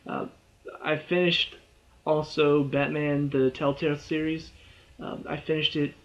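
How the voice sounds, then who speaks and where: A man's voice: fairly high pitch, flat delivery, measured pace, fairly bright tone. A man giving a casual video game review, rambling and correcting himself as he goes, chuckling often. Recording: dull lo-fi sound.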